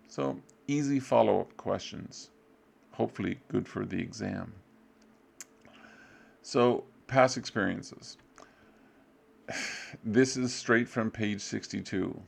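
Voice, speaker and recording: A man teaching English, going over a review unit in a loose, offhand way and acting out short student replies. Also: creaky. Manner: loose and offhand, fills gaps with "blah, blah"; acts out short student replies with jumps in pitch. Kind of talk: casual review lesson.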